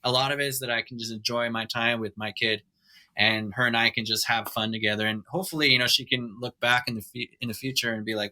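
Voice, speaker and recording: A man's voice: mid-range voice, fairly even intonation, fast, bright, forceful tone. A man, a father and podcast guest, talking enthusiastically about games he loves. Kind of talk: casual chat.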